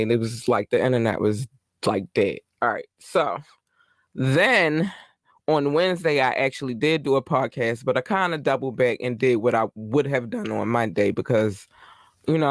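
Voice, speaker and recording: A man from Baltimore hosting his own podcast, talking in a chatty, rambling and effusive way with bursts of excitement. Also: mid-range voice, no room sound, clean studio sound. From Baltimore, Maryland. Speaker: podcast host. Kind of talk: casual solo podcast monologue.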